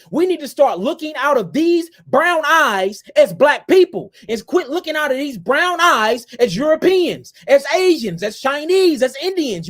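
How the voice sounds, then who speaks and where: This male host's voice is very high and fairly bright as he lectures his viewers with fire and passion. Repetitive and ranting, he refers to his audience as "family" and "y'all."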